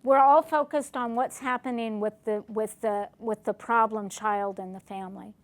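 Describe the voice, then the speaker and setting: Her pitch fairly high and her intonation fairly even, a middle-aged woman speaks at normal speed in a classroom lecture about family recovery. Along the way she asks her audience questions and performs short exchanges.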